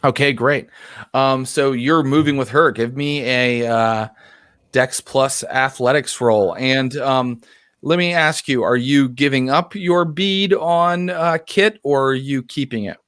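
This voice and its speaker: A man acting as storyteller, running a tabletop roleplaying game in a relaxed way with many fillers. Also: medium pitch, takes it slowly, no echo, studio quality. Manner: relaxed, many ums and uhs.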